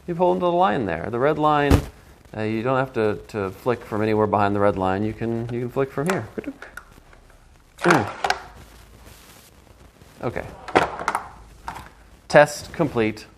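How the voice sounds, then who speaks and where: A man's voice: mid-range voice, background noise. Chatty man musing over a board game. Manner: chatty, musing aloud, playful asides. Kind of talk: casual first-person board game review.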